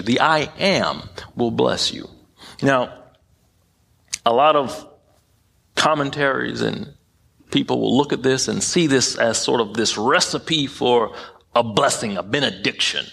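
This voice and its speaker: A man's voice: medium pitch, measured pace, gravelly, long pauses, fairly bright tone, husky. A man preaching a sermon in an emphatic way, often repeating phrases and tripping over his words. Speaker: pastor.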